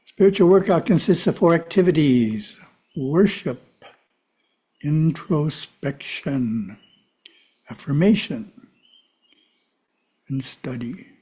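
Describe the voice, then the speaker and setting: A man giving a calm, measured spiritual teaching talk, with side remarks to his listeners. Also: a little high, husky. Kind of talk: teaching talk to a live audience.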